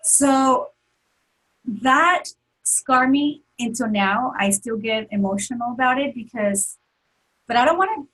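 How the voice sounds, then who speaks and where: Woman, interview guest, husky, slightly high, emotional, earnest storytelling. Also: lively intonation, slow, a bit bright, poor audio. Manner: earnest, emotional, many fillers and restarts.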